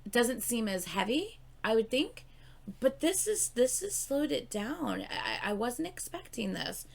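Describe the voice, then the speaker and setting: A woman giving casual reaction commentary late at night, tired and yawning, bursting into excited exclamations and swearing. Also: fairly high pitch, a little slow, gravelly. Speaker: music reaction YouTuber.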